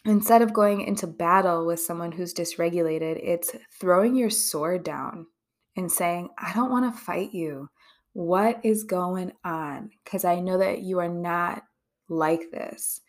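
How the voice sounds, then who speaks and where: A woman therapist hosting her own podcast, talking candidly and conversationally, with frequent swearing. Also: on the low side. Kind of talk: casual podcast monologue.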